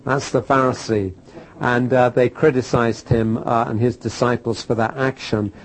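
A man teaching a Bible class, animated and repeating key phrases for emphasis, with filler "uh"s. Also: mid-range voice, moderate pace, rough recording. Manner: uses fillers like "uh".

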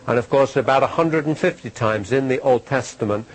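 A man's voice: medium pitch, fairly quick, rough recording. A man giving a sermon-style Bible teaching to a live audience. He talks conversationally, asks his listeners questions, ends points with "okay?" and repeats key phrases for emphasis.

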